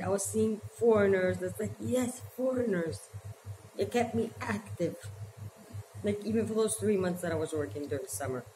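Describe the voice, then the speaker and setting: A woman in her forties telling her life story to camera, halting and emotional as she holds back tears. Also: fairly low pitch. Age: 40s. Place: her small shop by the ocean, indoors. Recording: echoey room with background noise.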